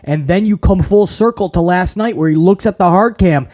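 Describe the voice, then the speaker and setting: A man hosting his own wrestling review show, ranting in a casual, profane, animated way and mocking what he saw with quick impressions. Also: sits high. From grew up in housing projects.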